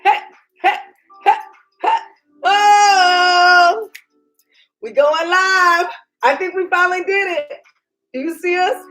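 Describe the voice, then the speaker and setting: Excitable high-voiced woman cooking at home. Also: rough recording. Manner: chatty, excitable, laughs often, talks to viewers as "y'all". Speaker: cooking channel host. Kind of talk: casual live-stream cooking demo. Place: home kitchen.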